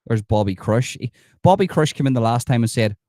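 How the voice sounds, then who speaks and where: A man's voice: medium pitch, expressive, brisk, mellow, no room sound, studio quality. An Irish man hosting a livestream, talking emphatically to his viewers and reading out the chat, with plenty of repetition. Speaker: livestream host.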